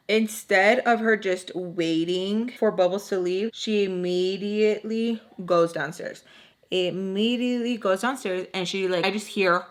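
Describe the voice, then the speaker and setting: A woman's voice: mid-range voice, a little slow. A young woman telling a personal story in casual vlog style, acting out the quotes of the people in it. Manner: animated, acts out quotes with many "like" fillers. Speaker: storytime vlogger.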